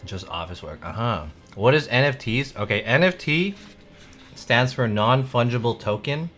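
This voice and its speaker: A man's voice: medium pitch, expressive, normal speed, fairly bright tone. A man live-streaming and chatting casually with viewers, rambling with many "like" fillers.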